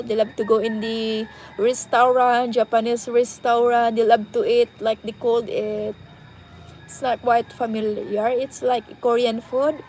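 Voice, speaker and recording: A young woman with a Cebuano Filipino accent tells a personal story in a vlog. Her voice sits a little high, and she speaks slowly, halting as she searches for words. A faint noise runs underneath. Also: a little mellow, rough recording. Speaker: vlogger.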